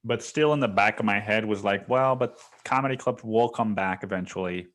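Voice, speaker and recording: A man's voice: on the low side, fairly quick, a bit bright. A young man hosting his own podcast, talking in a rambling, casual monologue full of swearing and "dude.". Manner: rambling, swears a lot, says "dude" and "like" often. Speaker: podcast host.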